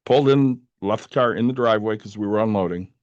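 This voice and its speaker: A man's voice: on the low side, fast, a little mellow, no echo, lo-fi sound. A man from Michigan co-hosting a podcast, telling a long casual story and quoting people along the way. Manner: tells long stories, quoting others with a laugh. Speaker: podcast co-host. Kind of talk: casual chat.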